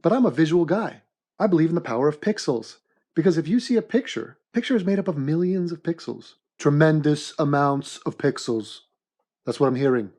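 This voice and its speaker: A man's voice: a little high, fairly quick. Man in a sarcastic comedy voiceover. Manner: mock-serious, deadpan sarcasm. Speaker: host and narrator of an animated commentary.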